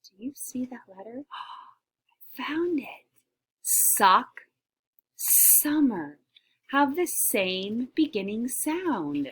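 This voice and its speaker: A woman teacher leading a shared reading lesson for young children, sounding out letters slowly and often dropping to a whisper, encouraging and animated. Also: on the high side, breathy edge. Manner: animated, encouraging, with gasps of discovery.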